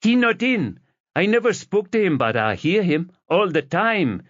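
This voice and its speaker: A woman's voice: fairly low pitch, sing-song, measured pace, dry recording, highs cut off, voice pushed up. A man voicing an older Jamaican woman neighbour, curt and blunt, with a thick Jamaican accent.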